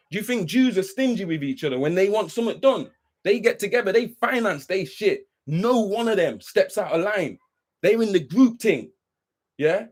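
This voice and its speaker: A man ranting heatedly and profanely on a live stream, worked up and preachy, who keeps asking if you understand. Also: sits high. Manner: says he is worked up. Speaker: livestream host.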